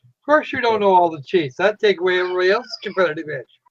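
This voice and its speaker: A man's voice: sits high, lively intonation, fast, no echo, muffled recording. A man on a veterans' panel, chiming in with blunt, wisecracking remarks in casual chat.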